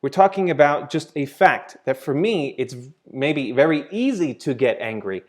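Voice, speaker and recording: A man teaching English grammar, explaining slowly and checking in with "right?" and "okay?" as he goes. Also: a little high, animated. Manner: patient, repeats points with "right?" and "okay?".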